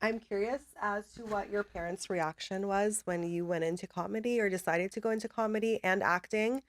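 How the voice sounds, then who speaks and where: A woman's voice: mid-range voice, fairly quick. A woman hosting a podcast who asks her questions in a casual, chatty way and uses many fillers. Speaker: podcast host. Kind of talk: casual interview.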